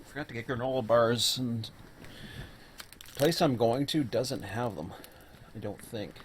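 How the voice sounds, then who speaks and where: A man's voice: medium pitch, a little slow, slight background noise. A man casually chatting and rambling to himself while he plays a train simulator game. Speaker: host. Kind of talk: casual gaming commentary.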